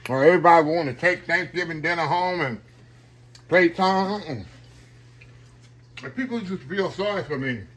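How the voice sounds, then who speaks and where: A man's voice: on the high side, moderate pace, pauses often, a bit bright. A middle-aged man, chatting folksily to his viewers as he cooks at home. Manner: folksy, chatty, talks straight to viewers as y'all. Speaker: cooking vlogger. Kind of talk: casual cooking vlog. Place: home kitchen.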